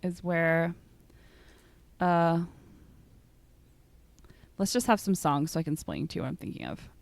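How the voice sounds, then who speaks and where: A woman with a fairly low, unhurried voice and vocal fry co-hosts a podcast about musical theater. Chatty and opinionated, she fills her casual talk with "like."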